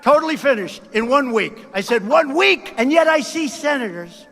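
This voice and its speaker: Man doing a boastful older politician, very high voice, lively swoops, bright tone, shouty rambling. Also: normal speed, heavily acted. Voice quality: shouty, rambling, self-praising. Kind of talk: comic impression.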